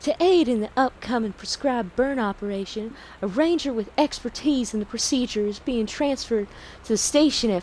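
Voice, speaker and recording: A Canadian man doing a deliberately bad, swooning Southern belle voice. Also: very high voice, slight background noise, poor audio. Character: swooning Southern belle lady, dramatic and prissy.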